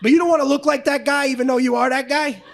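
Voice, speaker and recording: A man's voice: very high voice, steady tone, fast talker, creaky, noisy background. A man doing a stand-up comedy routine on a club stage, brash and profane, often slipping into other people's voices.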